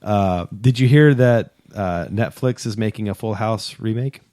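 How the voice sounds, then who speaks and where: Playing it as a laughing podcast host with a low voice. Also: male voice, unhurried, warm tone, no echo, clean studio sound. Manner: laughs often, retells scenes at length. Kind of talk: casual chat. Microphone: headphones with close mic.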